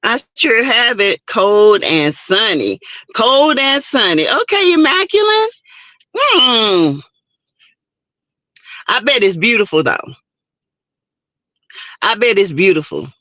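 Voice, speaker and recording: A woman's voice: on the high side, sing-song, takes it slowly, pauses often, sharp tone, no room sound, lo-fi sound. A woman hosting a casual morning livestream, chatting and greeting viewers by name. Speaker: livestream host. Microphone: streaming setup mic.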